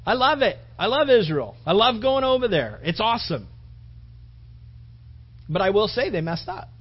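A man's voice: high-pitched, sing-song, moderate pace, breathy edge, muffled recording. A man pastor preaching a sermon in a casual, emphatic way, with frequent repetitions and asides to the congregation.

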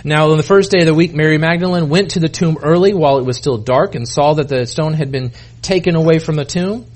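A man's voice: fairly high pitch, fast. A middle-aged man preaching a sermon in a conversational way, often restarting and acting out the people he quotes. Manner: conversational, self-interrupting, acts out quoted voices. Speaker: pastor.

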